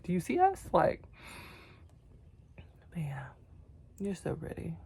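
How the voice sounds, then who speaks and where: Low, gravelly-voiced woman, tearful and whispery. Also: huge pitch swings, slow pace. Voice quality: soft, often whispery. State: teary and losing her voice. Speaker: vlogger. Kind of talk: emotional self-talk to camera.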